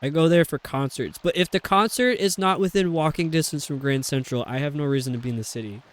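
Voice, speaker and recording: A man's voice: fairly high pitch, fast. A man with a faint New York metropolitan accent, chatting casually and laughing while streaming a video game. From New York City metropolitan area. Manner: chatty and rambling, laughs often.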